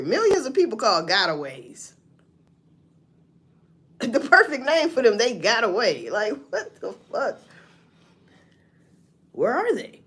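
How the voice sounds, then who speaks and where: Brief: woman livestreamer, animated and profane, voice swinging high and low. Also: husky. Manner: animated and profane, mocking news quotes, laughing, swinging from loud to mutter. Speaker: livestream host. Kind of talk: live-stream commentary reading news.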